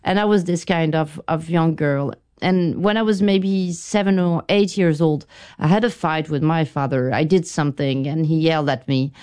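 A writer being interviewed looks back on her past in reflective answers, her low, smooth voice sounding mellow. She speaks thoughtfully but haltingly, often restarting.

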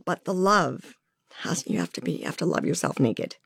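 A woman guest in a candid sit-down conversation, talking frankly and reflectively about herself. Her pitch moves a lot as she speaks, rising and dipping with feeling, and the recording is close and dry with no room sound. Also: very animated, normal speed, vocal fry, slightly rough, dry recording. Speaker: interview guest.

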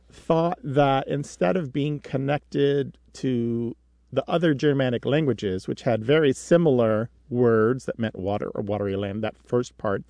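A man hosting a call-in radio show, his voice close and dry on a studio microphone. He chats easily with callers and explains word history as if telling a story, at a middling pitch. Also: warm tone, no echo.

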